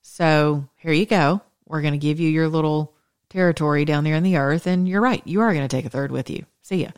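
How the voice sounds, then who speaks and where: Offhand, breezy God, voiced by a woman, low and casual. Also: brisk, clear, resonant tone, dry recording, clean studio sound, close to an everyday voice. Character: breezy dismissive God, male.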